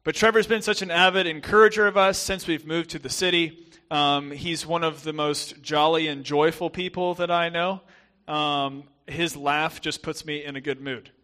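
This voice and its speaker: Bright-voiced Southern American preacher. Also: male voice, fairly high pitch, fairly even intonation, normal speed. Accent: Southern American, softened. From southern United States. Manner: chatty and self-deprecating, with many fillers and restarts. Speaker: guest pastor. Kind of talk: sermon.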